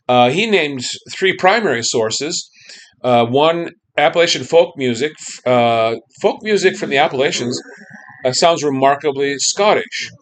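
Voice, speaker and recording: A man's voice: medium pitch, a little slow, fairly bright tone. A man lecturing a class on music history, loose and conversational, checking in with the students and humming snippets of melodies.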